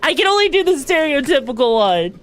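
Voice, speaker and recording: This VTuber's high voice is very animated and fairly quick. She chats loosely while setting up her game, rambling with plenty of fillers and the odd casual curse.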